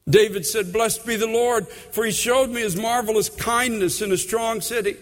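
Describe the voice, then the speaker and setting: High-voiced fervent male preacher, reverberant hall. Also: steady tone, moderate pace, hardly any pauses. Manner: fervent, repeats phrases, swings between hushed and loud. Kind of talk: sermon with personal testimony.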